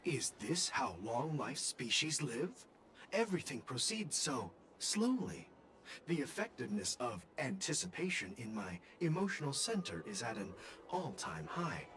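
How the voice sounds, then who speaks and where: A man's voice: on the high side, sing-song, measured pace, fairly bright tone, a little hiss or hum. An actor voicing an eager male robot in a video game, speaking in formal, precise phrases.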